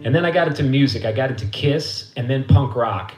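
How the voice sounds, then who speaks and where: A man's voice: medium pitch, a little fast, a little mellow. A middle-aged man, telling a loose, profane story from his living room and acting out the voices of the people in it. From Queens, New York. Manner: casual, profane, laughing storyteller who acts out voices. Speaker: musician and host. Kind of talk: storytelling between songs on a livestream. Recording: echoey room with guitar.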